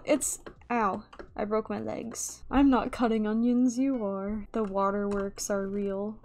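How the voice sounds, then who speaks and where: Slow, playful young woman gamer. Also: fairly high pitch, darkish tone. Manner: playful, theatrical, pleading with other players. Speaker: gaming YouTuber. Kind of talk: live gameplay commentary. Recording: faint keyboard clicking behind. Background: keyboard typing and clicks.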